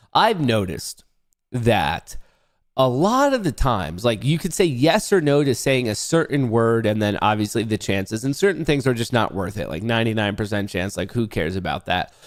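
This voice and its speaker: An excitable man hosting a livestream, chatting casually with his viewers. His pitch swings up and down a lot as he rambles from one thought to the next, throwing in curse words without a second thought. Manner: excitable, rambling, swears freely, talks to chat. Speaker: livestream host.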